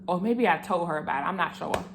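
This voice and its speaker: A young woman tells her faith testimony straight to camera in a slightly low voice. She is earnest and animated, speaking to her viewers with open emotion. Faint room noise sits behind her. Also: fast talker, creaky.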